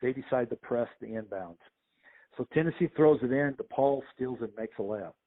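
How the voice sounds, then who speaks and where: A middle-aged man, a veteran sports official, spins lively stories and slips into the voices of the people he quotes. His voice sits at an ordinary middle pitch. It comes through a thin, tinny phone line. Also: a little fast. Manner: lively anecdotes, acts out the voices of others. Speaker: sports official, podcast guest. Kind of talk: conversational storytelling interview.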